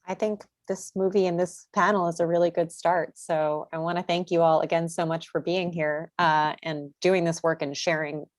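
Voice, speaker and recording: A woman moderating a panel, thanking the guests and asking a question in a relaxed, chatty way. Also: lowish voice, normal speed, few pauses, no echo. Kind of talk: panel discussion.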